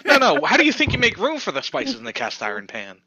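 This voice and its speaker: A man's voice: a little high, huge pitch swings, fast, pushed and bright, slightly rough, no room sound, lo-fi sound. A man on a comedy game show panel, joking and laughing often. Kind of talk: casual comedic banter.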